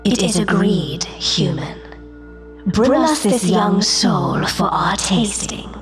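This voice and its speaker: A woman voicing menacing, soul-hungry spirit entities in an audiobook, in a slow eerie threatening whisper over loud music. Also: medium pitch, very animated. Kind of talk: audiobook character voice.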